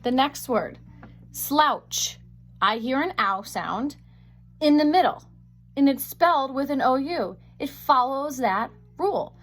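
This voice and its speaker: A woman teaching a phonics lesson, sounding out words slowly and carefully on a webcam microphone. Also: high-pitched, expressive, fairly bright tone.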